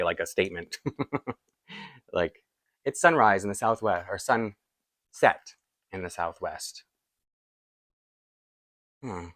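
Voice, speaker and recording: A man's voice: on the low side, fairly bright tone, no echo. A man with a Canadian accent chatting casually through a doll unboxing, rambling with frequent little laughs. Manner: rambling, chatty, laughs often between asides. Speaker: doll collector vlogger.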